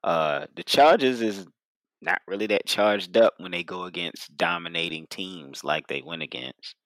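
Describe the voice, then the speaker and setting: A man co-hosting a casual sports podcast, laid-back and quick to laugh. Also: deep voice, fairly bright tone, no echo. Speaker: podcast co-host.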